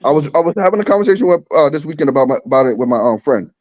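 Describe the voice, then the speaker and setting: A man's voice: fairly high pitch, expressive, rapid-fire, darkish tone, no echo. A man on a podcast panel who insists on his points and keeps repeating them in a heated casual debate. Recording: dull, lo-fi and dry.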